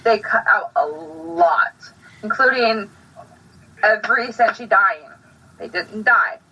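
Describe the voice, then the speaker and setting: Bright, husky woman on a distant mic. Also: medium pitch, slow pace, dull audio. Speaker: podcast co-host. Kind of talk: casual podcast chat.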